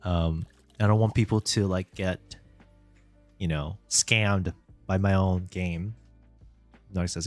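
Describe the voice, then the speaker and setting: Unhurried low-voiced game dev man. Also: steady tone. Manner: thinks aloud, chats with viewers, chuckles often. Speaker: indie game developer streaming. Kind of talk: live-stream dev chat. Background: soft background music.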